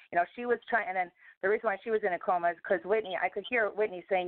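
A woman's voice: medium pitch, fast talker, no room sound. A woman guest on a talk show, speaking in a meandering, emphatic way with many fillers. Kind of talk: casual rambling conversation. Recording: tinny phone-line audio, dry.

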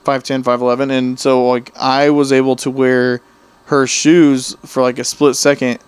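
A man's voice: mid-range voice, normal speed, clean tone, dry recording. A man co-hosting a podcast, rambling through casual stories and acting out quoted people. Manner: rambling, animated storytelling with quoted voices. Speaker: podcast co-host. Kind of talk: casual chat.

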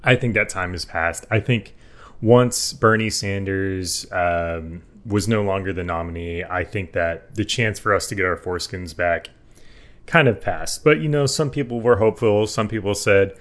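Male host, very deep voice, mock-serious deadpan rambler. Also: moderate pace. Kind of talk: comedic monologue.

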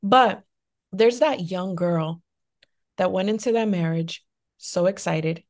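A woman's voice: on the low side, slow pace, darkish tone. A woman hosting a podcast, speaking in a reflective, sincere way. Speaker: podcast host, life coach. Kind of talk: podcast conversation.

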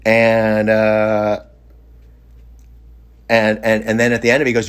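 A middle-aged man with a fairly low voice tells a long anecdote in a loose, conversational way. He restarts his sentences and trails into fillers, sounding amused by his own story. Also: completely flat delivery, a little slow, smooth. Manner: rambling, self-interrupting, amused. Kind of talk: casual anecdote.

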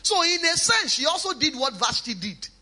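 High, lively, bright-voiced male preacher. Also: normal speed. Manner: preaching with lively emphatic swings, chatty asides. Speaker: pastor. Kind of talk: sermon.

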